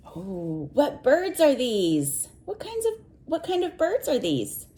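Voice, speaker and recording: A woman's voice: sits high, slow pace. A woman reading a picture book aloud to children, stopping to ask questions and count along with them. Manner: animated, asks the listener questions and counts along.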